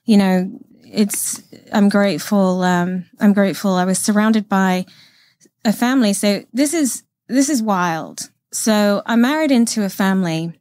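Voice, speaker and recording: A woman from the United Kingdom speaking candidly and reflectively as a podcast guest, with pauses and fillers. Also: medium pitch, darkish tone, dry recording. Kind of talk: casual interview conversation.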